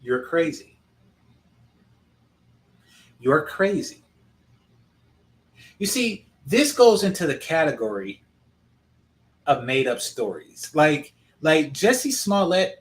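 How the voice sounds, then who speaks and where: A man's voice: high-pitched, very animated, measured pace, a bit bright. Male reaction host, blunt and sarcastic, casual talk. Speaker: commentator reacting to a clip.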